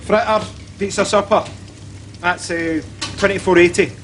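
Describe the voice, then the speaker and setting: Offhand shop worker, high voice, noisy location, played by a man. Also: steady tone, moderate pace, over a noisy crowd, lightly acted. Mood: dry.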